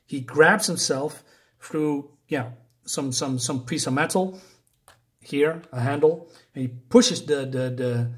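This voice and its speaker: A man whose voice runs on the high side takes his time recapping a comic book tale casually, with many restarts and fillers. He gets worked up and laughs at the bloody bits.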